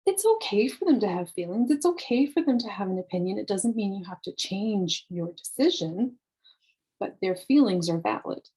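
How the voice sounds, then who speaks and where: A woman giving calm, reassuring parenting advice straight to camera, explaining step by step and checking in with "okay". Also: medium pitch, normal speed, slightly rough, rough recording. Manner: often says "okay" and "um". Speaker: parenting coach.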